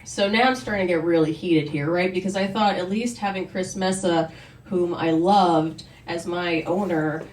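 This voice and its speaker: At a live story night, a woman tells a candid personal story on stage, chatty and conversational with wry asides. Her voice is fairly low and darkish at a moderate pace, captured in a roomy, distant live recording.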